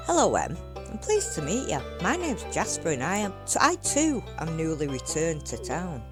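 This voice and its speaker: A woman's voice: sits low, wildly swooping pitch, moderate pace, music in the background. A woman voicing a polite young man in a farming game, reading his formal greeting aloud. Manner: formal, slightly stilted phrasing. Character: polite young man newly back in town.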